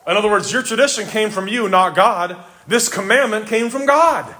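A man's voice: high voice, moderate pace, few pauses, bright, forceful tone. A man preaching a sermon, emphatic, repeating words for stress and addressing his listeners directly. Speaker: pastor.

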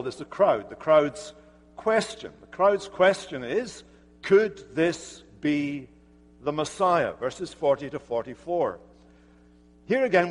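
A man preaching an earnest, emphatic sermon as pastor in a church sanctuary. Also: a little high. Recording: church hall reverb.

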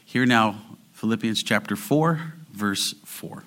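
A man's voice: mid-range voice, moderate pace, fairly bright tone. A middle-aged pastor preaching a sermon, chatty and joking with his congregation, who now and then breaks into singing the verse.

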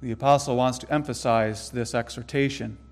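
A man preaching a sermon, earnest and emphatic, slowing down to stress key phrases. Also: medium pitch, fairly even intonation, in a large hall. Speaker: pastor.

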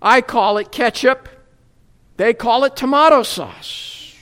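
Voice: medium pitch, slow pace, a bit bright. A preacher from the United States giving a sermon, with wry, humorous asides before earnest scripture teaching.

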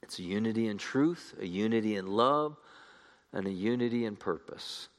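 A man's voice: lowish voice, animated, normal speed. A man preaching a sermon, earnest and building to fervent appeals to his listeners.

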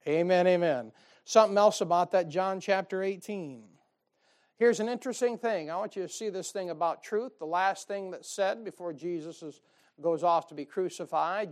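A man's voice: high-pitched, moderate pace. A man preaching a sermon in a folksy, emphatic way, with many asides to his listeners. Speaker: pastor.

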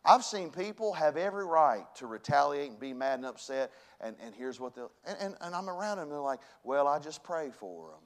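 A man preaching a sermon to his church, folksy and conversational, dropping to hushed lines and rising to loud bursts. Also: on the high side, lively intonation, brisk, few pauses. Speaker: pastor. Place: church sanctuary.

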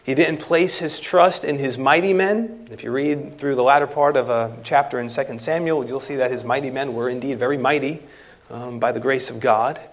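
A man with a mid-range voice preaches an expository sermon at normal speed, quoting scripture. He hits words with loud, emphatic stress, then falls into quiet, trailing phrases.

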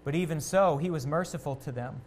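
A man preaching a sermon as a pastor, earnest, rising louder on quotations and dropping low and quiet at key points. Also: a little fast, slight background noise.

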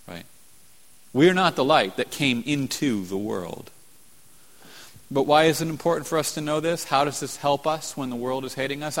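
Emphatic male preacher in a reverberant hall. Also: medium pitch. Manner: explanatory, emphatic, repeats words for stress. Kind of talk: sermon.

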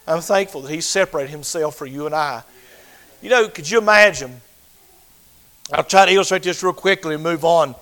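An older man preaching a sermon, swinging between loud fervent passages and hushed, quiet ones. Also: on the high side, brisk, pauses often, rough recording.

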